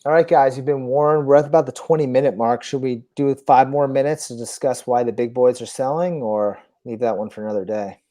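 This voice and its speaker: A man co-hosting a podcast in casual talk, animated and incredulous. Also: medium pitch, brisk, hardly any pauses. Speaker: podcast co-host. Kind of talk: casual market discussion.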